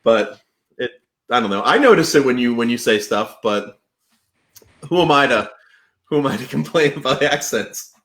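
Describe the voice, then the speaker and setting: A man's voice: mid-range voice, expressive, normal speed, long pauses, a bit bright, roomy sound. A man with a Boston accent, a pastor, chatting casually, laid-back and self-mocking, rambling with restarts. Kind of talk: casual book club chat.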